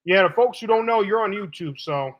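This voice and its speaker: A man's voice: high voice, expressive, brisk, lo-fi sound. A man hosting a live stream debate, talking bluntly and assertively to callers, casually calling them baby.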